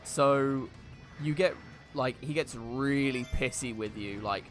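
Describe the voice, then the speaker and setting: A man's voice: medium pitch, slow, a bit bright, faint music behind. Brief: man streaming a game, mid-range voice, loose rambling chat full of ums. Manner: rambling, with many fillers and restarts. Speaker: live streamer. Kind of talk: casual gameplay chat.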